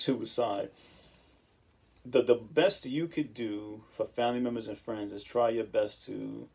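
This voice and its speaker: A man's voice: on the low side, vocal fry, a little mellow, husky. A man talking casually to his channel viewers, laid-back and chatty, often laughing and saying "you know.". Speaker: channel host. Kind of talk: casual monologue vlog. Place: home in Japan.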